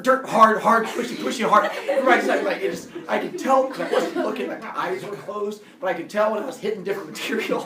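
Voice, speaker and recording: A man telling a childhood fight story in an animated way, laughing and acting out the voices. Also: sits high. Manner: animated, laughing, acts out quotes. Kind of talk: personal storytelling talk. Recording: roomy, distant camera audio.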